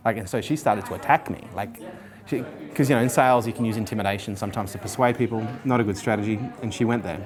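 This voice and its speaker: A man in his forties, a guest in an interview, telling his life story casually, animated and swearing freely while acting out what others said. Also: lowish voice, quick pace, crowd noise. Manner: animated, swears freely, acts out quoted people.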